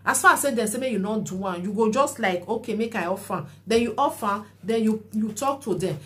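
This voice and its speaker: A woman's voice: mid-range voice, lively intonation, a little fast. Nigerian woman giving chatty advice. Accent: Nigerian Pidgin English. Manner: chatty and preachy, often adding "you know". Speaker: vlogger commenting on a viral clip.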